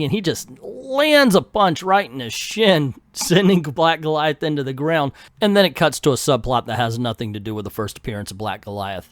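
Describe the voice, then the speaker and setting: A man's voice: on the high side, animated, normal speed, few pauses, fairly bright tone, no echo, studio quality. A middle-aged man recapping an old comic book with sarcastic asides, reading the panels aloud. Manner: sarcastic, voices characters while reading.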